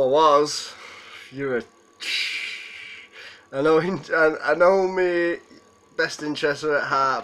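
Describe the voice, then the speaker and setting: Close to tears, this male livestream host rambles and replies to viewers' comments in emotional chat, his mid-range voice bright and forceful. The audio quality is poor.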